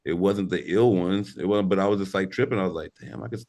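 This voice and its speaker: A man's voice: sits low, fast talker, darkish tone. A man in his forties from St. Louis, telling stories as a podcast guest in a laid-back, slangy, rambling way. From St. Louis, Missouri. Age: 40s. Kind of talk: casual interview storytelling.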